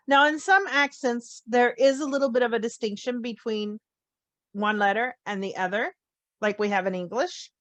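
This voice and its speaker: A woman teaching a phonics lesson, slowly spelling out letter sounds with clear, deliberate enunciation. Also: medium pitch, dry recording. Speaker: Spanish teacher. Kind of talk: slow, careful phonics lesson.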